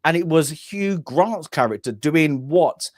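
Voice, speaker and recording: A man's voice: fairly high pitch, expressive, measured pace, no echo, clean studio sound. A young man co-hosting a casual film review chat, opinionated and rambling with many restarts. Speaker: podcast co-host.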